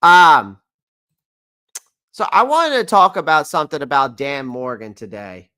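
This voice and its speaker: A man's voice: on the high side, huge pitch swings, measured pace, bright, forceful tone, clean tone, dry recording. A man hosting a casual live-stream sports talk show, rambling and repeating himself as he reads viewer comments.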